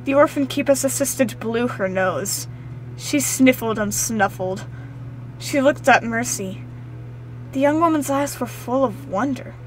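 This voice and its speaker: A woman narrating a storybook tale in a calm, measured way. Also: on the high side, slight background noise, rough recording.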